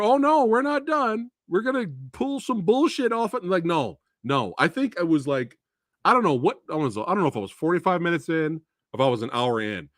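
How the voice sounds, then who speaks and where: Guy ranting and swearing on a live stream, high bright voice, dry close sound. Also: no room sound. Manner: profane, animated, exasperated ranting. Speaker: movie reviewer host.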